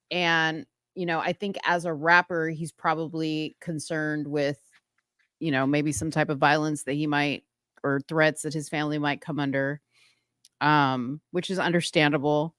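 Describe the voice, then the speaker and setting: A woman co-hosting a casual chat, animated and gossipy as she tells stories and laughs often. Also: sits low, no room sound, clean studio sound. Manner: gossipy storytelling. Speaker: podcast co-host.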